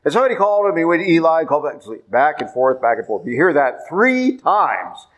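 A man, a priest, preaching a sermon in a conversational way and jumping up in pitch to stress key words. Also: very animated, fast talker, fairly bright tone, lo-fi sound. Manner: conversational, with sudden emphatic high-pitched stresses.

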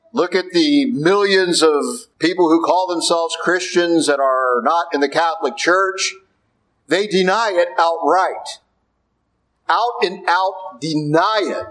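Slow, emphatic preaching man. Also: on the high side, fairly bright tone, rough recording. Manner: emphatic, conversational preaching with rhetorical questions. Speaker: Catholic priest. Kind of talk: sermon.

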